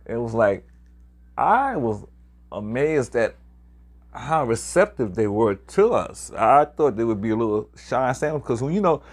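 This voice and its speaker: A man's voice: mid-range voice, very animated, unhurried. A man, casually talking to viewers about his travels, rambling and hesitant with many fillers. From New York, Harlem. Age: 60s. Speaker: traveler sharing experiences. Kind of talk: casual video talk to viewers.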